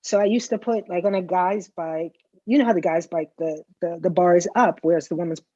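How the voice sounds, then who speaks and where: A middle-aged woman tells stories on a video call, often tagging her lines with "right?". Her voice sits on the low side, and the sound is dull and lo-fi. It comes through dry and close. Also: steady tone, fairly quick, warm tone, no room sound. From the Bronx, New York. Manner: chatty storyteller, tags lines with "right?". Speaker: customer guest. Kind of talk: casual chat.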